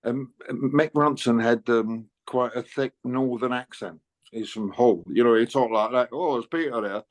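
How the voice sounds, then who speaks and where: An older man tells stories in a relaxed interview. He rambles a little, drops in "you know" often, and chuckles along the way. His voice sits at an ordinary middle pitch. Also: measured pace. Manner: chatty, anecdotal, laughs often, many "you know"s. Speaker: interviewed musician. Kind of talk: casual storytelling interview.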